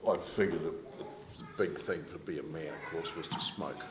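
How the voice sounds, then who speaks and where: A man telling family memories in casual storytelling, halting with fillers. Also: extremely low pitch, reverberant, distant mic, background noise.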